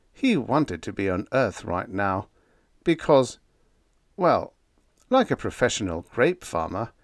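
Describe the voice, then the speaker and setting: A man's voice: on the low side, dry recording, clean studio sound. A man reading a humorous vintage sci-fi story aloud in scripted narration, wry and playful. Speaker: audiobook reader.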